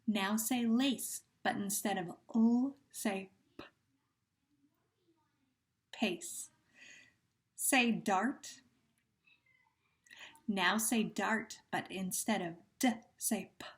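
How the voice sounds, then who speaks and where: A woman teacher leading a phonemic awareness drill, speaking slowly and deliberately and giving patient, encouraging praise. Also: mid-range voice. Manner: slow, deliberate, stretches words when repeating them.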